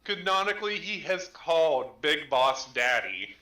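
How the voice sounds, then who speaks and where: A man rambling excitedly through game lore in casual chat, full of fillers. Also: fairly high pitch, unhurried. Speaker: co-host. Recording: echoey room.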